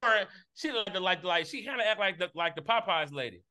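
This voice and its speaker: A man's voice: high-pitched, expressive, brisk, sharp tone, slight background noise. A man co-hosting a podcast over a video call, chatting casually and giving joking, opinionated takes. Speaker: podcast co-host.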